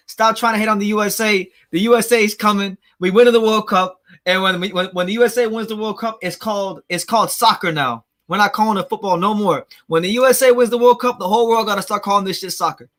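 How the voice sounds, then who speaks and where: A man's voice: high voice, steady tone, quick pace, hardly any pauses, a bit bright. A man hosting a casual livestream, reading viewer comments, rambling and repeating himself as he talks. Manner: rambling, repeats himself, laughs at his own jokes. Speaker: livestream host.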